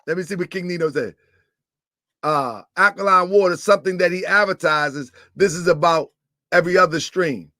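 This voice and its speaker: Loud high-pitched man teasing on stream. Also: moderate pace, no room sound, clean studio sound. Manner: loud, laughing, teasing, repeats himself. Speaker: livestream host. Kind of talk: live stream commentary.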